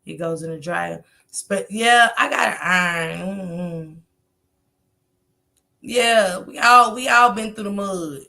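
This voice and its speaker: A woman streaming live to her viewers, with a sharp, bright tone and a gravelly fry running under her words. Her talk is loose, slangy and salty, with plenty of swearing and laughter as she reads out her chat and answers it. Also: fairly low pitch, slow pace. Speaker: livestream host. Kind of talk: casual livestream chat, reading comments aloud.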